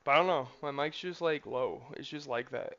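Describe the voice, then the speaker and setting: A man's voice: medium pitch, a little fast, pushed and bright, lo-fi sound. A man chatting casually to his live-stream chat while coding a game, a little defensive. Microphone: desk mic, input gain changed. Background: faint music, room fan.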